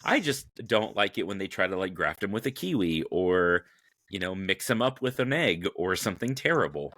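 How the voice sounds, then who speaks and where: A man's voice: low-pitched, very animated, moderate pace, fairly bright tone, dry recording. A man, a horticulture professor, chatting on a gardening podcast with dry, self-deprecating humor. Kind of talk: casual podcast chat.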